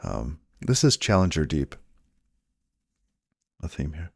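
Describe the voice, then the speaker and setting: A man with an extremely deep, low voice talks casually to himself while debugging code on a stream. He mutters and trails off, now and then chatting to his viewers. The sound is dry and close. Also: very animated, takes it slowly, gravelly, no echo. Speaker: programmer live-streaming his coding.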